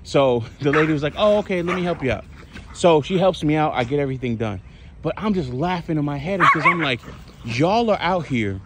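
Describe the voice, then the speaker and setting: A man's voice: on the high side, animated, quick pace, very noisy. A man rambling to his viewers in a loose, profane storytelling monologue full of fillers. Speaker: vlogger.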